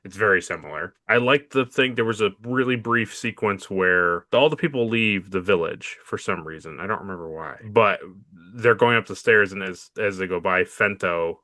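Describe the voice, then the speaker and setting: Man, very low voice, bright tone, casual podcast co-host, animated scene retelling. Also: normal speed, dry recording, clean studio sound. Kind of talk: casual chat.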